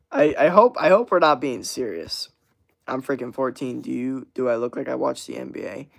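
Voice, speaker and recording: A man's voice: mid-range voice, expressive, moderate pace, gravelly. A man hosting a casual livestream, chatting loosely with lots of slang, swearing and filler words while reading viewer chat aloud. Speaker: livestream host.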